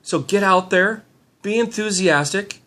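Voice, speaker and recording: Middle-aged male team leader, self-filmed pep talk, slightly high voice, eager and loose with fillers. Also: measured pace, bright, forceful tone. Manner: upbeat, rambling, lots of fillers. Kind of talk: handheld motivational vlog. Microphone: handheld camera mic.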